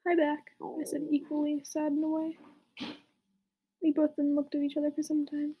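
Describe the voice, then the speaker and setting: A woman's voice: sits high, completely flat delivery, moderate pace, narrow, tinny audio. A young woman reading a fan story aloud in a whispery voice, with amused asides. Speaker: reader.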